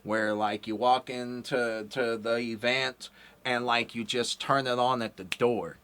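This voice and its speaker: A man's voice: medium pitch, fairly even intonation, a little slow, fairly bright tone, a little hiss or hum. Rambling, profane man hosting a podcast. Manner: rambling, profane, lots of fillers. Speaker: podcast host. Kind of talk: casual profane interview chat.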